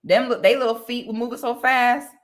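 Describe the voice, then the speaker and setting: A woman's voice: fairly high pitch, a little fast. A young woman, chatting casually and animatedly straight to her viewers. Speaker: vlogger talking to viewers. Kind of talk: casual chat to camera.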